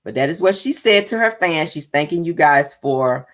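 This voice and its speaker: A woman's voice: low-pitched, lively intonation, normal speed, fairly bright tone. A woman hosting a casual celebrity gossip show, sassy and chatty, calling listeners honey and baby while reading posts aloud.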